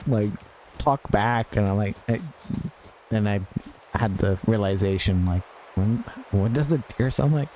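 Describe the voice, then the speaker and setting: A man drifts through casual gameplay commentary at an unhurried, drawn-out pace. His voice is soft and mellow, and he rambles into absurd jokes, laughs often and mutters asides at the screen. A faint hiss of noise sits under the recording. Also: on the low side. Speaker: gaming podcast host.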